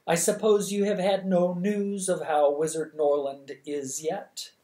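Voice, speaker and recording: A reader voicing a kindly old king who speaks with gentle, unhurried courtesy, close to their own voice. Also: medium pitch, natural voice.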